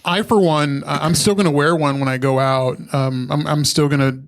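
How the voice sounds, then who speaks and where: A man's voice: fairly high pitch, steady tone, moderate pace. A man co-hosting a casual podcast, talking in a chatty, stumbling way with lots of restarts. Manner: chatty, stumbling, reads live chat aloud. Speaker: podcast co-host.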